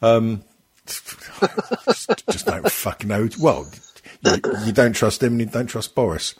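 Husky man, low voice, sweary rambling podcast banter. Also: animated, normal speed. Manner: sweary, rambling, laughs a lot. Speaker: podcast co-host. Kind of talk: casual banter.

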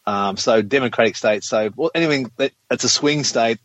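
A man's voice: mid-range voice, normal speed, fairly bright tone, dry recording. A man talking in a sarcastic, sweary way in a casual chat, ranting with dry jokes. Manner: sarcastic, sweary, rants about politics. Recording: dull lo-fi recording.

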